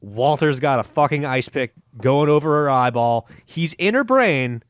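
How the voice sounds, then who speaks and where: Brief: male podcast co-host, animated profane storyteller, dry booth sound. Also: mid-range voice, moderate pace, no room sound. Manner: laughing, swearing, animated retelling with quoted voices. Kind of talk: casual profane storytelling chat.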